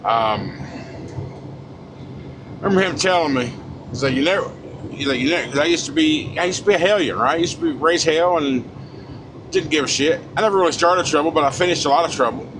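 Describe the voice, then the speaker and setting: A blunt man in his forties rants in a high-pitched voice, swearing freely and talking straight at the camera. Loud road noise from the moving truck cab runs under everything he says. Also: fairly quick, long pauses. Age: 40s. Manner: blunt, profane, fired-up. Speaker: truck driver vlogger. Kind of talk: casual ranting monologue.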